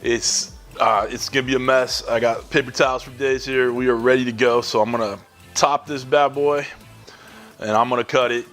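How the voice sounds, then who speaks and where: A man's voice: mid-range voice, steady tone, a little fast, fairly bright tone, soft background music. A man hosting his own cooking channel, chatting enthusiastically as he talks viewers through each step. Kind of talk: casual cooking vlog.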